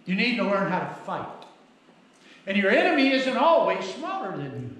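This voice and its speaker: Man, middle-aged, pastor, folksy sermon, high-pitched, very echoey church hall. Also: very animated, moderate pace, a bit bright. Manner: folksy storytelling with acted quotes. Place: church sanctuary.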